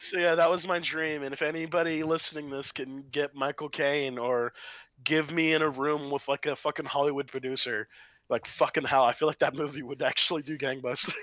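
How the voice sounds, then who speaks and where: Profane, laughing bright-voiced man. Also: fairly high pitch, fairly even intonation, fairly quick, no echo, lo-fi sound. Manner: laughing, profane, rambling storytelling. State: recovering from illness. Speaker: podcast co-host. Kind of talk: casual chat.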